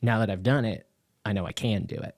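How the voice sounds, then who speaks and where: Animated male improv actor, very dry sound. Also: on the low side, brisk, no room sound. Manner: animated, laughs often, acts out quotes. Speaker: actor and improv performer, podcast guest. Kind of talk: casual storytelling conversation.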